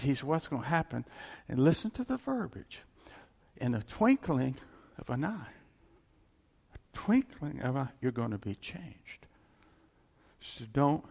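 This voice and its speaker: A man's voice: medium pitch, creaky, a little mellow, slightly rough, long reverb tail. A man preaching a sermon, telling the stories with life and acting out the voices in them.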